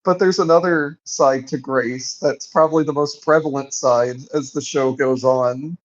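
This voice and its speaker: Woman co-host, slow and animated, laughs a lot, slightly muffled recording. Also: a bass voice. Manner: laughs a lot, lively questioning. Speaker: podcast co-host. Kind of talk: casual review chat.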